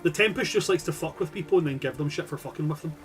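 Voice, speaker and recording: A man's voice: fairly high pitch, fast, faint music behind. A man narrating as game master in a loose, rambling way, with casual swearing.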